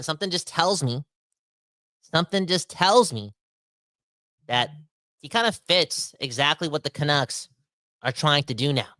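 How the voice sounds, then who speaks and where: A young man hosting a casual podcast, rambling and animated, swinging between fired-up outbursts and quieter asides. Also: fairly high pitch, no echo. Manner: rambling with frequent restarts and self-corrections. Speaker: podcast host. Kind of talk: casual ranting podcast talk.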